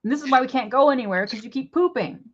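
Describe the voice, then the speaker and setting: A woman's voice: high-pitched, fast, muffled recording, slight background noise. A young woman in her apartment scolding her pet bird over and over in simple, broken phrasing, exasperated and lecturing. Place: apartment indoors.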